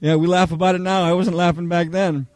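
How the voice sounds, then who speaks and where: A man preaching a Bible study, telling humorous personal stories in a chatty, animated way, often checking in with "okay?". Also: high voice, brisk, no room sound. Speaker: pastor teaching a Bible study.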